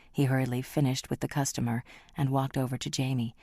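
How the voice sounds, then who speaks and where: Very deep-voiced woman audiobook narrator. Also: level tone, quick pace, mellow, no echo, studio quality.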